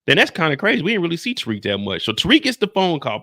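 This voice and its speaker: A man hosting a live stream, recapping a TV episode in animated, profane, blunt commentary. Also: on the high side, racing, hardly any pauses. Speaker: TV show recap host.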